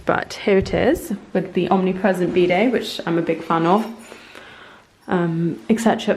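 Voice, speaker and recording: A woman's voice: on the low side, steady tone, normal speed, a little mellow, a little hiss or hum. A British woman chatting enthusiastically through a travel vlog, gushing as she shows things off. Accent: British English. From Britain. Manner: bubbly, gushing, chatty tour-guide talk. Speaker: vlogger.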